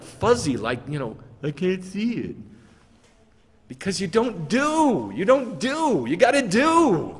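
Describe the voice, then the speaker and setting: A man delivers a sermon as a rabbi, his voice slightly high and swinging widely in pitch. He drives points home with repetition and rhetorical questions. The sound carries a long hall reverb. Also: fairly bright tone. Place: congregation sanctuary.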